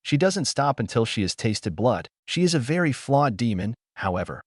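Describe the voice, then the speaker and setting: Brief: male reader doing a blunt demon woman's voice, dry close read, animated lilt. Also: medium pitch, moderate pace, no room sound. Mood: grim. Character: insane sand-loving female demon spirit. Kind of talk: fan fiction audiobook reading.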